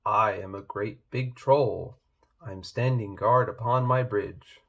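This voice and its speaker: A man's voice: lowish voice, slow, vocal fry, fairly bright tone, dull audio, voice pushed down, full character voice. A man voicing an old ferocious male troll in a read-aloud picture book. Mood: gruff.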